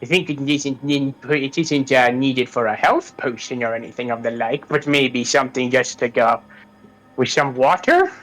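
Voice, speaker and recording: A man voicing a sly old woman who brews potions, in a sing-song, drawn-out, mocking manner. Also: mid-range voice, fairly bright tone, close to an everyday voice, rough recording. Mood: coaxing.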